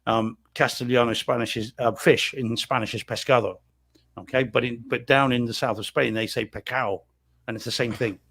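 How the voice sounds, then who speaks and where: A man's voice: medium pitch, fairly even intonation, a little fast, gravelly, hardly any pauses, a bit bright. A man from New Zealand with a New Zealand accent, co-hosting a live podcast in easygoing, wry casual chat and explaining at length. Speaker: podcast co-host.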